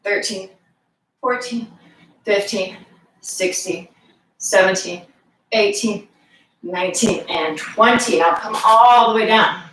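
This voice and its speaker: A woman fitness instructor leading a live exercise class, calmly giving cues and counting reps aloud. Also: medium pitch, slow, pauses often, slight background noise. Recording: echoey room, voice from far off.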